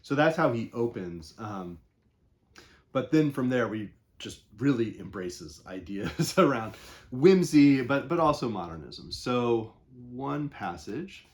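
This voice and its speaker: A man talking through a novel in a casual, unscripted way, rambling and thinking aloud with frequent pauses. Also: mid-range voice, sing-song, a little mellow. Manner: conversational, unscripted. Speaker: book reviewer. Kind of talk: casual book discussion.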